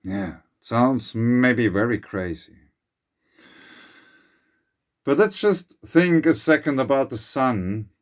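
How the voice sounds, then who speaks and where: A channel host with a Finnish accent muses slowly and speculatively in a monologue, his English phrasing a bit uneven. His voice is mid-range, with lively intonation.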